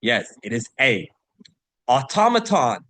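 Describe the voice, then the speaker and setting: Slightly higher-pitched than average, expressive and a bit bright, a man teaches English vocabulary online. He explains words, reads example sentences and passages at a careful, slower pace, and often asks "right?" to check his listeners; the recording is dry and close.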